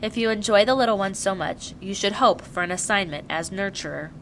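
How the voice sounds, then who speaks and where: Woman doing a kind dad, soft, gentle, lower and quieter, storybook. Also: fairly quick, slight background noise, close to an everyday voice, rough recording. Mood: affectionate. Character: gentle, affectionate father.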